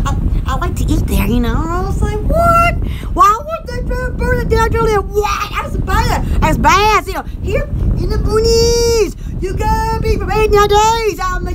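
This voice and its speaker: A woman hosting a rambling, casual live chat with viewers, gushing with excited exclamations. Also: very high voice, normal speed, heavy background noise. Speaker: live-stream host chatting with viewers.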